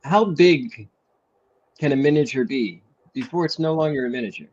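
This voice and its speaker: A man's voice: mid-range voice, expressive, normal speed, a little mellow. A man chatting on a podcast, rambling and correcting himself as he talks about his art. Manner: rambling, self-interrupting. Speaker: podcast co-host and artist. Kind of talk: casual podcast chat. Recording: dull lo-fi sound.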